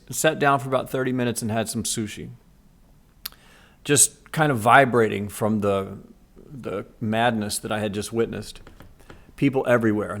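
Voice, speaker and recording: A man vlogging, earnestly retelling a frightening day to his viewers in a casual, animated way. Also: mid-range voice. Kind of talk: casual storytelling to camera. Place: Los Angeles area.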